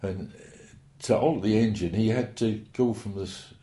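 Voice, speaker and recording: An elderly man tells old stories in a rambling, hesitant, folksy way. His voice sits low and mellow. The recording carries a roomy echo. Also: moderate pace. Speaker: interviewee. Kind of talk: oral history reminiscence.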